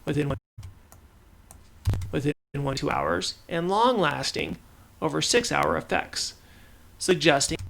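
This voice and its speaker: A man with a somewhat high pitch reads out medical research summaries for a podcast. His voice has a gravelly, creaky edge, and he often stumbles on long technical words, then repeats them before going on. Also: fairly bright tone. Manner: stumbles and restarts on technical terms. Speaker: podcast reader of research news. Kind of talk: reading science news script.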